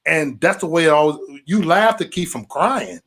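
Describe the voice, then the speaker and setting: A man co-hosting a casual podcast chat, telling funny stories in an animated, joking manner. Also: on the high side, moderate pace. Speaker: podcast co-host.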